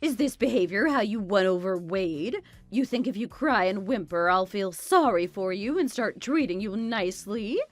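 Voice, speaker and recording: A woman's voice: mid-range voice, expressive, normal speed, hardly any pauses, dry recording, natural voice. A woman voicing a domineering, spiteful older mother-in-law in a dramatized story, scolding and belittling. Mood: scornful. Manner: scolding, contemptuous, bossy.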